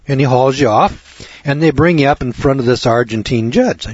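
A man's voice: medium pitch, moderate pace, slightly rough, no echo. A man lecturing to students in a folksy way, piling up rhetorical questions and repeating them for effect. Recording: dull lo-fi recording.

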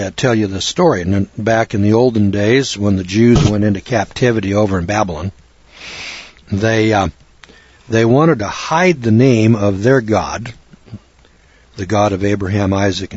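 Rambling older man, husky voice. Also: on the low side, unhurried, darkish tone, dry recording, lo-fi sound. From western United States. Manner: rambling, folksy, spells words out letter by letter. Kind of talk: casual religious talk, answering a question.

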